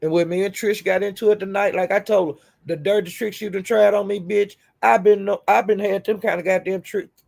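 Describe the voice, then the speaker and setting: A woman's voice: mid-range voice, fairly even intonation, a little fast, vocal fry, darkish tone. A woman hosting her own livestream, telling stories in a profane, laughing, casual rant. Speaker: livestream host.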